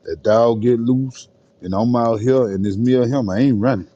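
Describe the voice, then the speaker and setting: A man's voice: medium pitch, moderate pace, dark tone. A man talking bluntly in slangy, matter-of-fact casual chat. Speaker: regular panelist. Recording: muffled lo-fi audio with faint noise.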